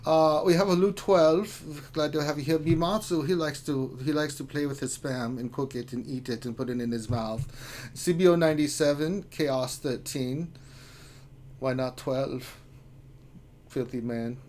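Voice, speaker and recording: A man's voice: fairly high pitch, steady tone, a little mellow, lightly acted. A man voicing a lecherous German man in a put-on German accent, reading names with sleazy innuendo on a live stream. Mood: leering. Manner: sleazy innuendo, drawn-out teasing. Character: lecherous middle-aged German man named Friedrich.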